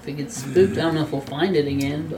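A man's voice: a little high, fairly even intonation, quick pace, background noise. A man playing a tabletop game, joking and teasing the others. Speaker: player. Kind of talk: casual tabletop game banter.

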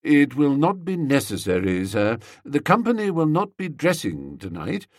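A man voicing a calm, deferential valet who answers quietly and without fuss. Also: moderate pace, no echo, studio quality. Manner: quiet, low and unruffled.

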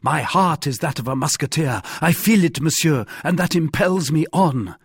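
An eager young swordsman, earnest and impassioned, voiced by a male reader. His voice is husky and swings up and down in pitch, recorded dry and close. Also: lively intonation, moderate pace, dry recording, full character voice. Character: hot-headed young man, eager swordsman.

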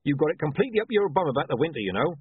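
A man voicing a thick-set, boastful male butcher who talks bluntly and loudly in an audiobook. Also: on the high side, sing-song, racing, slightly rough, no echo, phone-quality sound, voice pushed up, heavily acted. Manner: blunt, loud and chatty.

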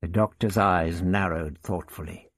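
A man narrating a story as an audiobook reader, expressive and deliberate. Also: sits low, slight background noise. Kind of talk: scripted narration.

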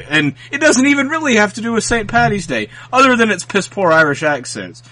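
Male podcast co-host, bright, slightly high, laid-back banter, dry sound. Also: dry recording, low-quality recording. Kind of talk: casual chat.

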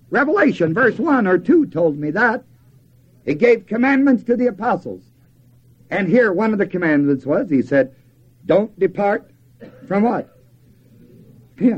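An older preacher with a slightly high, husky voice. He talks in a folksy, questioning way, putting questions to his listeners and answering them. The sound is dull and lo-fi, like an old tape recording. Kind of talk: sermon.

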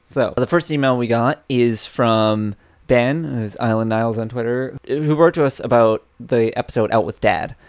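A man's voice: mid-range voice, normal speed, clean tone. A man co-hosting a podcast in casual chat, reading listener emails aloud and rambling with fillers and restarts. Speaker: podcast co-host.

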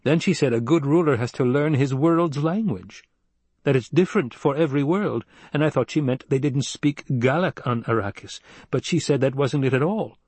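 A man voicing an earnest young noble heir, pitched higher than the narrator and pressing his words with urgency. The voice keeps a husky grain, recorded close and dry. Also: normal speed, a little mellow, dry recording, close to an everyday voice.

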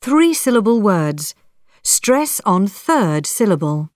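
A woman announcing track numbers and section headings on a coursebook audio recording in a plain, measured way. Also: medium pitch, very animated, darkish tone, dry recording, studio quality.

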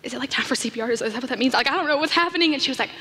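A young woman, a church missions director, telling an animated story from the stage and acting out the voices in it. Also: high-pitched, rapid-fire, a little hiss or hum. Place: church sanctuary. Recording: long hall reverb.

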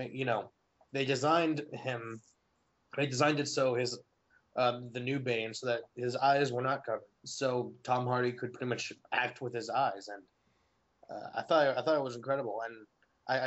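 A man talks loosely about films, circling back on his words and swearing now and then. His voice sits at an average pitch. The sound is dull and lo-fi, as from a laptop mic on an online call. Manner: halting, restarts, swears casually. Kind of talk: casual movie discussion. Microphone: laptop or headset on a call.

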